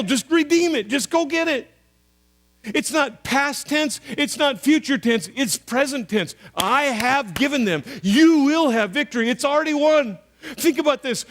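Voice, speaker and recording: Pastor guy, pretty high voice, preaching, acts out the voices, jumps up loud then drops way down. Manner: storytelling, acts out voices of soldiers and God, animated swings in pitch and loudness. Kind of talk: sermon.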